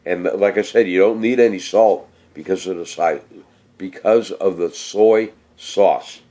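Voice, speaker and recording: Rambling low-voiced man with fillers. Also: steady tone, measured pace, mellow. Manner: rambling, hesitant, many fillers; slightly slurred speech. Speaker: vlogger. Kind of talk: casual cooking chat and viewer shout-outs.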